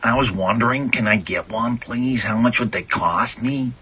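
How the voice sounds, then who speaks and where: A man hosting a late-night radio show, joking in an irreverent, animated way. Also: mid-range voice, moderate pace, breathy edge. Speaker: radio host. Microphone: studio microphone.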